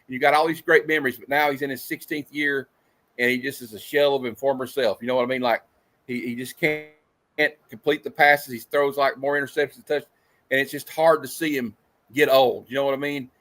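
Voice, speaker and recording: A man's voice: mid-range voice, fairly even intonation, a little fast, a bit bright. A man co-hosting a casual bad-movie review show, sarcastic and given to long rambling analogies. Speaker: podcast co-host.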